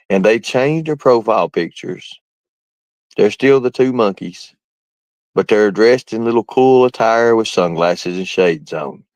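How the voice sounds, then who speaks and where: A man's voice: fairly low pitch, dry recording. A man livestreaming, talking to his viewers in a rambling, mocking, folksy way. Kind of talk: casual livestream rant.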